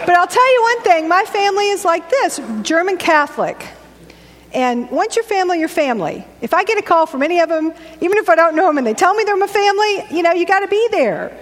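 A woman's voice: very high voice, expressive, quick pace, slight background noise. A middle-aged woman preacher giving a conversational, joking sermon in a church. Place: church sanctuary. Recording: echoey church hall.

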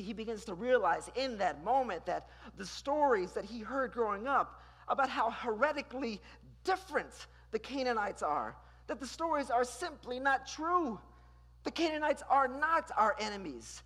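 A preacher delivering a sermon, dramatic and questioning, who swings between loud declarations and hushed lines. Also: mid-range voice, big pitch swings, moderate pace, slightly rough. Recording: long reverb in a large hall.

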